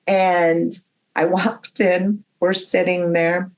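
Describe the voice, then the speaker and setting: A woman medium, a guest on a podcast, telling a story in an animated way and acting out the dialogue. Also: fairly low pitch, extremely slow, muffled recording. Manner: animated storyteller who acts out quoted dialogue.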